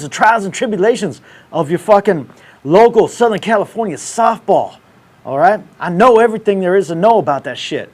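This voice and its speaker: A man's voice: high-pitched, lively intonation, a little fast. A man in his thirties hosting a casual livestream, ranting in brash, profane, slangy banter. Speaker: show host.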